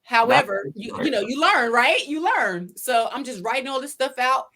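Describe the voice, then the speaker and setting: A woman, a podcast guest, telling her story in a casual interview from her home office over a video call, animated and acting out her own past words. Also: high-pitched, normal speed. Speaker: podcast guest, pageant winner and salon owner.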